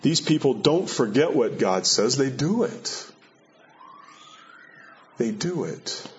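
A man's voice: medium pitch, very animated, takes it slowly, slight background noise. A man giving a sermon in an earnest way, repeating key phrases and letting his voice rise and drop for emphasis. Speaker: preacher. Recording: dull lo-fi sound.

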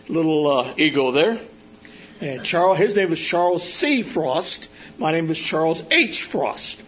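An older man from Arizona, a police chaplain, preaching a sermon at a church service with personal stories, pausing often with fillers and restarts. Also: fairly high pitch, expressive, a bit bright. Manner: halting, many filler sounds and restarts. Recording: dull lo-fi recording.

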